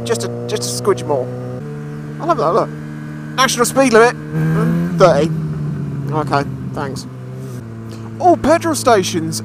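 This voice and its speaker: Chatty man over wind noise. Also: high-pitched. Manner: chatty, jokey, talks to himself and his viewers. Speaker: vlogger. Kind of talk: casual running commentary. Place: riding a motorbike on the road, later walking a scrap yard. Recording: loud wind and road noise.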